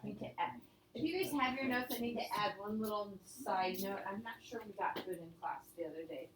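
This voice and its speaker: A woman's voice: mid-range voice, brisk, noisy background. A woman teaching a casual review lesson, explaining step by step and quizzing her students. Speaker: Spanish teacher.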